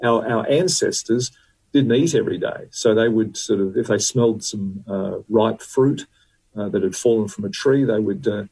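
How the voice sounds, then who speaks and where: A man's voice: lowish voice, moderate pace, a little mellow, slightly rough, rough recording. Een man die als gast in een radioprogramma op een losse, grappende en wat uitweidende manier vertelt. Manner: joking, rambling, self-mocking. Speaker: radio guest. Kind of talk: casual chat.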